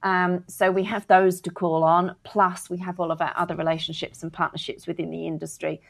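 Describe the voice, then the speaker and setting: Woman, gravelly, lower voice, frank, emphatic, casual interview. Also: little pitch movement, a little fast. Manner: frank, emphatic, laughs often. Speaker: wedding planning educator.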